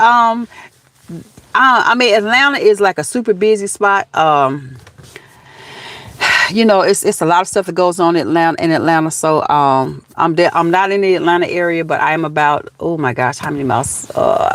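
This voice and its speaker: A woman's voice: on the low side, moderate pace, fairly bright tone. A woman with a Southern US accent from Georgia, hosting a casual live stream outdoors and chatting folksily with viewers, calling them baby and honey.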